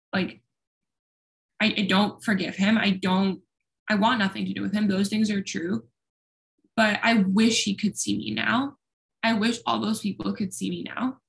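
A young woman with a mid-range voice and vocal fry opens up at length as an interview guest, talkative and self-deprecating in a candid personal conversation.

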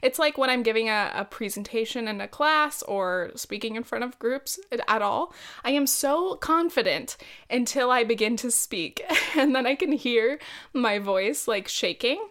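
A woman's voice: fairly high pitch, expressive, moderate pace, a bit bright. A young woman hosting her own podcast, chatting casually and laughing at herself as she goes. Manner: chatty, giggly and self-deprecating. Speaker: podcast host. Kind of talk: casual solo podcast chat.

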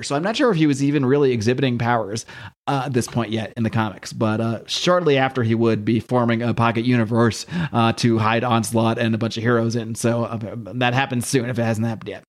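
A man's voice: medium pitch, quick pace. A man hosting a podcast, recapping a comic in a rambling, casual way with swearing and laughing asides. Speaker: podcast host.

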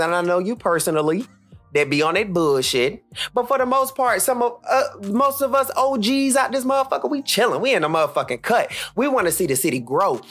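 Heated, foul-mouthed man in his thirties. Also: a bit bright. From Charlotte, North Carolina. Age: 30s. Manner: blunt, heated, cursing freely, swings pitch up for emphasis. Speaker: podcast host. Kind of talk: profane solo podcast rant.

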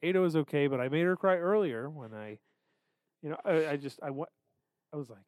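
A man's voice: fairly high pitch, brisk, long pauses, dry recording. A man co-hosting a podcast, talking candidly and self-deprecatingly about his struggles, swearing freely. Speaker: podcast co-host. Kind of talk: casual confessional chat.

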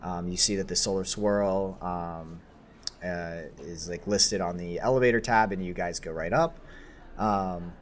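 Game master, male, fairly low voice, loose narration full of fillers. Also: normal speed, a little hiss or hum. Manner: casual, rambling, many fillers.

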